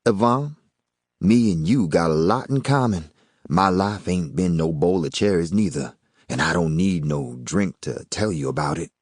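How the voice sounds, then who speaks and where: A man's voice: deep voice, normal speed, breathy edge, dry recording, studio quality. A man voicing a cocky hustler with a folksy, drawling in an audiobook. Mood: coaxing. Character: smooth-talking Southern man, a cocky small-time hustler. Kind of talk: audiobook character voice.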